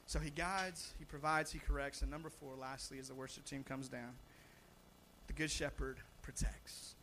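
Preaching as pastor in a mid-range voice, a little fast, this young man is animated, restarting often and repeating words. He grows loud on his points, with slight background noise behind him.

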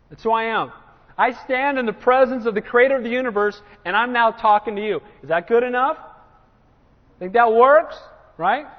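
A man preaching a sermon to a congregation, acting out quotes with lively bursts and asking "Amen?". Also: high-pitched. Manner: animated, acts out quotes, asks congregation "Amen?". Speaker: pastor. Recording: dull sound with long hall reverb.

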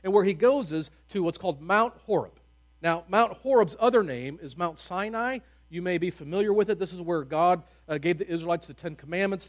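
Here a man with a high-pitched voice gives a sermon like a relaxed, comic storyteller. Loud outbursts of emphasis alternate with sudden quiet, hushed passages.

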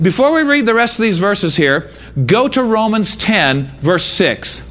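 A man preaching a sermon in church, emphatic and repetitive, now and then breaking into shouts. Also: high voice, lively intonation, normal speed. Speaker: pastor. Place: church sanctuary.

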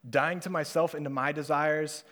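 A man's voice: fairly high pitch, fairly even intonation, moderate pace, a bit bright. A young man giving a sermon as a conversational personal story, laughing often and using many fillers. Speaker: preacher. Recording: long hall reverb.

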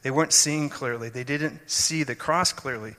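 Guy preaching a sermon, earnest, keeps restarting his sentences, bright sharp voice, big echoey hall. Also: medium pitch, normal speed. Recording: long hall reverb.

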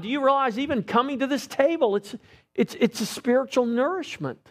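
Animated conversational male preacher. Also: extremely high pitch, fairly quick. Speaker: pastor. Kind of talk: sermon.

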